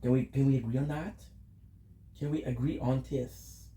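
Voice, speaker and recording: A man's voice: mid-range voice, steady tone, moderate pace, mellow, roomy sound. Tired, rambling man streaming a game. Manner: rambling, chatty, reads out and answers chat. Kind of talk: casual live-stream chat with viewers.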